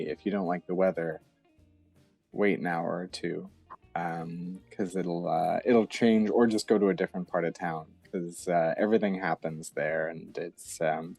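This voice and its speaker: A man's voice: deep voice, vocal fry, a little mellow, no room sound. A man in his thirties from the eastern United States, a guest chatting casually in an interview, hesitant with many ums and restarts.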